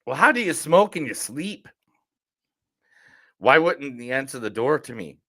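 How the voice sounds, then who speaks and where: A man putting on gruff Irish villagers, bright and lively. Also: medium pitch, measured pace, full character voice. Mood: blunt. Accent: put-on Irish. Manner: blunt, sweary quote reading. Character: gruff rural Irish villagers, men and women. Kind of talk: reading film quotes in a put-on accent.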